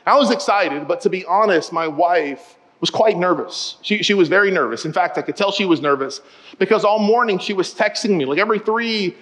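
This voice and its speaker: A man preaching a sermon to his congregation, telling funny personal stories and addressing the room directly in a lively, joking way. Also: high-pitched, fairly quick. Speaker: pastor. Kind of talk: sermon with humorous storytelling. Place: church auditorium. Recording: reverberant church hall.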